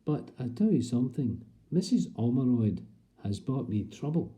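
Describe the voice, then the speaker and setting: A man's voice: mid-range voice, big pitch swings, moderate pace, mellow, lightly acted. A man in a comic monologue, playing a chatty, prim older Scottish woman with a Scottish accent. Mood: gossipy. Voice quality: gossipy, prim storyteller. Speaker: comic performer.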